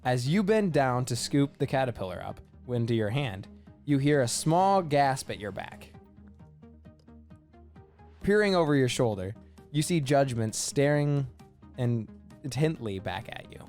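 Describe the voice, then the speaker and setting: A man reading a game's second-person narration aloud at a measured storybook pace. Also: mid-range voice, animated, a little mellow, soft background music. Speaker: narrator in a game let's play.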